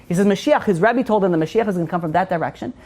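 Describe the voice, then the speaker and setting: A man, a rabbi, giving an informal Torah class as an animated storyteller who fills his talk with "you know". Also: high voice, rapid-fire.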